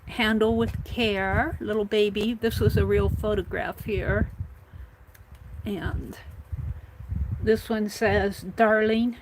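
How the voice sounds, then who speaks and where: A woman's voice: mid-range voice, steady tone, takes it slowly, pauses often, background noise. A woman on a mixed-media art livestream, chatting casually and thinking aloud as she works in her home craft room. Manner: rambling, thinks aloud while working.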